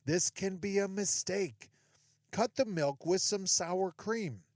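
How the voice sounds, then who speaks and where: A chatty, joking man hosts a solo podcast and talks right to his listeners. His voice sits a bit high. The sound is dry and close. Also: slow, a little mellow, dry recording. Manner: chatty, jokey, talks straight to listeners with asides. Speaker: podcast host. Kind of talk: solo casual podcast monologue.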